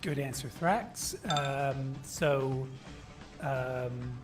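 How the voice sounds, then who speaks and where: A man narrating as game master in a casual, halting way with many fillers. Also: medium pitch, over music.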